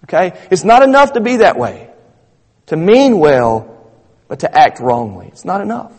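A man's voice: high voice, sing-song, normal speed, a little mellow. A man preaching a sermon in an emphatic, repetitive, conversational style. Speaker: pastor. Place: church sanctuary. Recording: reverberant church hall.

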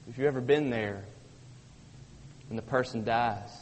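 A man's voice: mid-range voice, measured pace, a little hiss or hum. A man preaching a sermon as pastor, emphatic and repetitive, rising and falling for emphasis. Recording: long reverb of a hall.

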